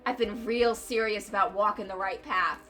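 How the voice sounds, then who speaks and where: A woman's voice: mid-range voice, moderate pace, bright, forceful tone, soft background music, natural voice. A woman voicing a vengeful male ex-convict from a game, taunting and sneering with mock sweetness that turns to snarling threats. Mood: mock-sweet. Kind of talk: reading a game aloud with voices.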